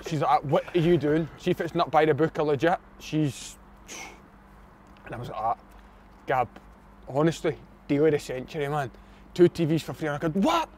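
Scottish guy telling a daft story to his pals, kinda high voice, bit of noise. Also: normal speed. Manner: animated anecdote teller, lots of quoted dialogue. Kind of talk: casual storytelling chat.

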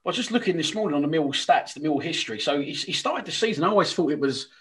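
Male host, quick chatty interviewer, somewhat high voice. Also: lively intonation, fairly bright tone. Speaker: podcast host. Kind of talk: casual interview chat.

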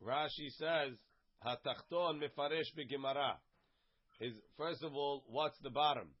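A man's voice: fairly high pitch, a little slow, breathy edge. A man teaching a casual text study class. He reads each phrase and then translates and explains it in plain words. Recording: dull, lo-fi sound.

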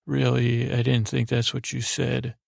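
Flat, gravelly man rambling a bedtime story. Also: medium pitch, dry recording, clean studio sound. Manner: halting, meandering, many restarts and fillers. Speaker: sleep podcast host.

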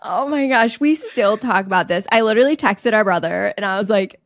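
A young woman co-hosting a podcast, telling a childhood story in an animated way and laughing often. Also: medium pitch, moderate pace, no echo, studio quality. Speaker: podcast co-host. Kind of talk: casual storytelling chat.

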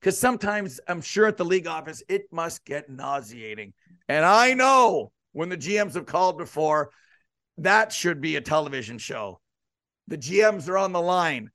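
A man with a fairly high voice hosts a casual hockey chat and strings his questions together in long, wandering runs. The sound is dry and close, with no room around him. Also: lively intonation, moderate pace, a bit bright, no echo. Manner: rambling, leading questions. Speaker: podcast and radio host.

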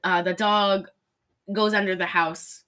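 A woman with a bright, sharp-edged voice chats casually about a movie. She rambles and giggles through her retelling and drops sarcastic asides. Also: mid-range voice, steady tone, takes it slowly. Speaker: podcast co-host recapping a movie. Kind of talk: casual chat.

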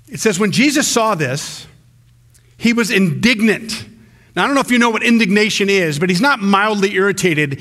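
A male pastor with a high voice preaches a sermon in a conversational, animated style. He often restarts his sentences.

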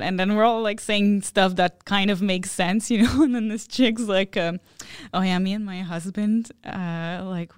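Laid-back smooth-voiced woman comedian. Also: on the low side, no echo, studio quality. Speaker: comedian guest. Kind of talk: casual chat.

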